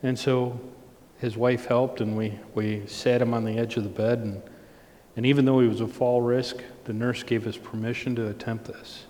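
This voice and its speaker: A man's voice: little pitch movement, normal speed, a little mellow. A man preaching a sermon, telling a personal story in an earnest way and building to emphatic points. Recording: long hall reverb, faint low rumble.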